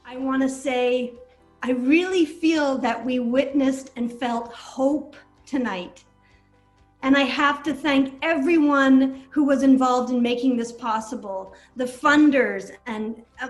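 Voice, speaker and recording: A woman facilitator giving an earnest, grateful closing thank-you speech to a live audience. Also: high-pitched. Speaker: program facilitator. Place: stage at a live community performance.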